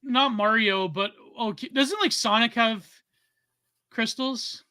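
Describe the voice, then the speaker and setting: A man rambles happily through tangents as a podcast guest, his voice high and bright. The sound is close and dry, with no room in it. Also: smooth, dry recording. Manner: rambling, quick tangents, laughs often. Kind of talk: casual chat.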